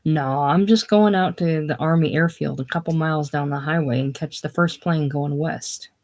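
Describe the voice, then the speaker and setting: A reader doing a gruff man with a slow drawl. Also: mid-range voice, close to an everyday voice. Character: a gruff married man walking out on his family.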